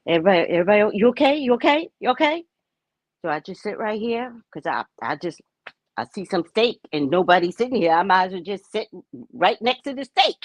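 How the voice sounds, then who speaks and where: An American woman hosting a casual livestream, talking to her chat in an animated way and laughing often. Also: fairly low pitch, fast talker, no echo. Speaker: livestream host.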